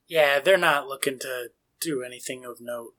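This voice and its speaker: A man's voice: mid-range voice, moderate pace, pushed and bright. A man in a casual chat who talks bluntly and swears freely.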